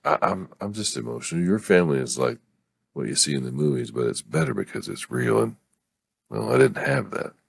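A man voicing a shy, emotional young woman who speaks haltingly in a storybook reading. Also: rumbling low, sing-song, vocal fry, slightly rough, no echo, studio quality, full character voice. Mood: tearful. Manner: halting, soft-spoken.

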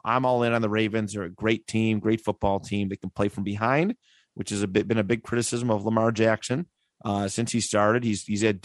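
A man's voice: fairly low pitch, no echo, clean studio sound. A man hosting a casual sports podcast, running the picks and reading stats off a list. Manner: runs the segment, reads stats off a list. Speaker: podcast host.

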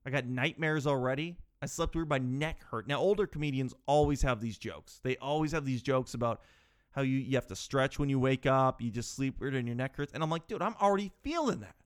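A man's voice: medium pitch, fairly even intonation, a little fast. A man of thirty hosting his own solo podcast, rambling and self-mocking, growing exasperated as he talks. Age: 30s. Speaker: podcast host. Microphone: podcast microphone.

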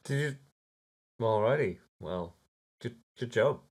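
A man at a tabletop game talks in an easygoing, amused way. His voice is mid-pitched. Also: expressive, takes it slowly, darkish tone, husky. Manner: easygoing and amused, often laughing. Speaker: player. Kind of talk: casual tabletop role-play.

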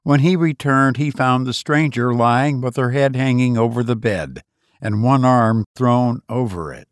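Brief: male narrator, unhurried and deliberate, very dry close sound. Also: medium pitch, no room sound. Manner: measured, deliberate delivery. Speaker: podcast host and narrator. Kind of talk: scripted story reading.

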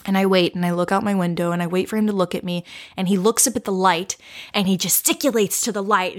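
A woman coach tells a personal story and guides listeners to reflect. Her medium-pitched voice is soft and slow, often dropping to a whisper.

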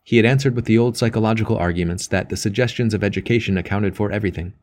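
A man narrating an audiobook in a measured, steady way. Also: lowish voice. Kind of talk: audiobook reading.

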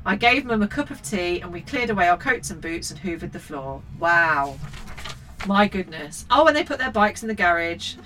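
A woman's voice: on the low side, big pitch swings, normal speed, bright, forceful tone, slight background noise. A woman co-hosting a podcast, reading a picture book aloud and breaking off for sweary, mock-outraged commentary. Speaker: podcast co-host.

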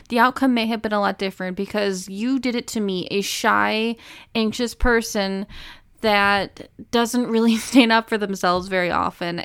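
A young adult woman hosting a podcast, speaking earnestly and emotionally in a personal monologue with halting restarts. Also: mid-range voice, clear, resonant tone, no room sound, clean studio sound. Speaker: podcast host.

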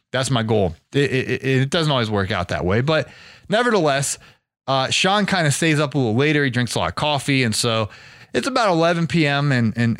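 A man's voice: medium pitch, dry recording, studio quality. A man hosting a podcast, telling a long story in a loose, rambling way and acting out quoted lines. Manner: rambling storyteller, animated quoting. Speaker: podcast host. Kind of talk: casual podcast chat.

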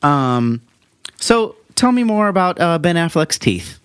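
Man with lively, dry voice. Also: on the high side, unhurried, smooth, no echo. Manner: rambling, joking, filler-heavy. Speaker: podcast co-host. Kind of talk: casual chat.

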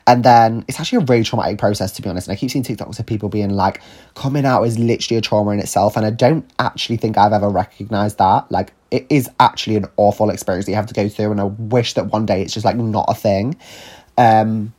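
A young man hosts a podcast, telling a personal story in a chatty, candid monologue packed with likes, ums and the occasional swear. His voice sits lowish and steady, a little mellow and slightly rough, and he talks at a quick pace.

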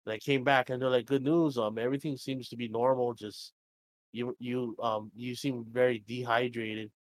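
A man's voice: medium pitch, little pitch movement, normal speed, dry recording. Casual young man, dry close sound. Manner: rambling, swears freely, acts out both sides of dialogue. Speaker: podcast co-host. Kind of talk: casual podcast chat.

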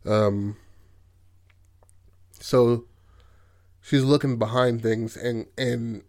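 A man's voice: mid-range voice, fairly even intonation, drawn-out words, a little mellow. Loose, profane man retelling a film. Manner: loose and profane, full of "like" and "you know what I mean". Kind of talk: casual retelling of a film plot.

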